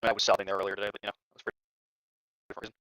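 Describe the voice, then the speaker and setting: Fast bright-voiced male co-commentator. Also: fairly low pitch, flat delivery, no room sound. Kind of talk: live event commentary. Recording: dull, dry lo-fi mic.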